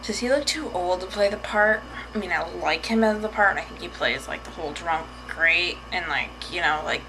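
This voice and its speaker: A woman's voice: lowish voice, brisk, background noise. A woman vlogging casually, chatty and rambling as she tells a story, often laughing. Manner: chatty, rambling, laughs while telling stories.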